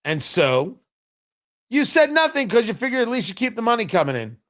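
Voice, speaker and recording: A man's voice: very high-pitched, very animated, brisk, a bit bright. A middle-aged man hosting a political commentary livestream, firing off sarcastic, heated rhetorical questions. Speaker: talk show host.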